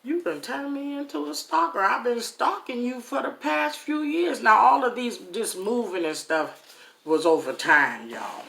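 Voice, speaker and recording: Slow-talking storytelling mom, echoey room. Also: female voice, on the high side, creaky. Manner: animated, addresses viewers as "y'all". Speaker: vlogger telling a personal story. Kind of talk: casual storytime monologue.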